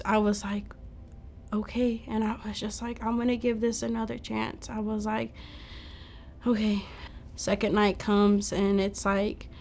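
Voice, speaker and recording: A woman's voice: medium pitch, a little mellow. A young woman giving a personal testimony, telling it casually and quoting herself often. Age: young adult. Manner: casual storytelling, quotes herself, fillers like "like". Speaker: testimony speaker.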